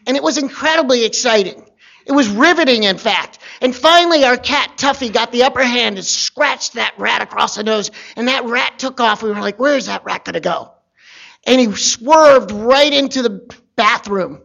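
Male storyteller with a gravelly voice, dry wit and deadpan asides, on a muffled recording. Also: very high-pitched, moderate pace. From Virginia. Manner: wry, conversational, deadpan asides. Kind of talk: personal storytelling.

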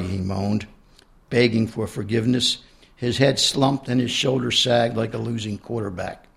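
A man's voice: fairly low pitch, fairly even intonation, moderate pace, gravelly, slightly rough. A man, an author, introducing and reading a passage from his book to an audience in a conversational way.

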